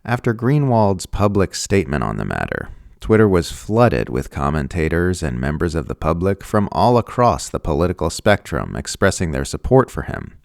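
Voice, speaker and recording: A man's voice: low voice, creaky, no room sound, clean studio sound. A man reading scripted political commentary in a sardonic tone, mocking the people he quotes.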